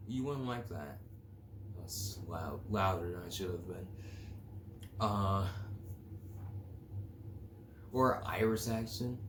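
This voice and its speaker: A man's voice: low-pitched, slow pace, long pauses. A man hosting a casual solo podcast, rambling and crude, joking and reading definitions aloud. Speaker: podcast host. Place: home room, early morning. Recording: echoey room with faint ambient noise.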